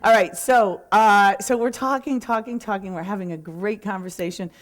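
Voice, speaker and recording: A woman's voice: mid-range voice, moderate pace. A woman who speaks as a real estate speaker, telling a story in a chatty, rambling way, correcting herself and filling gaps with little words. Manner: chatty, rambling, self-correcting with many fillers. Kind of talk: casual storytelling.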